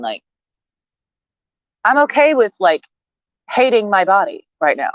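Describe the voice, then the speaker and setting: A woman's voice: medium pitch, very animated, measured pace, long pauses, dry recording, muffled recording. A woman ranting bluntly and profanely in a rambling, casual way to camera. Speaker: vlogger.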